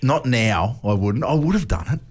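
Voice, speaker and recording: A man's voice: medium pitch, lively intonation, normal speed. A man hosting a radio show, chatting casually, joking and laughing often.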